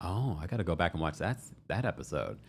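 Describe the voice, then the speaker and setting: A man's voice: sits low, big pitch swings, quick pace, slightly rough. A man hosting a live reality-TV recap in a casual, chatty way, often laughing and repeating himself. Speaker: recap show host.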